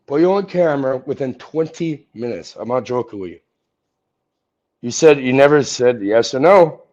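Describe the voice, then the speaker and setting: A man's voice: medium pitch, darkish tone. A man ranting angrily and profanely on a livestream, confronting someone he is arguing with. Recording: dull lo-fi audio.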